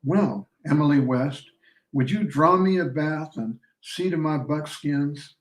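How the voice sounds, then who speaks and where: A man's voice: on the high side, slow. A man reading the lines of a tall, confident frontier general, good-humored and drawling, recorded in a roomy space from a distant mic.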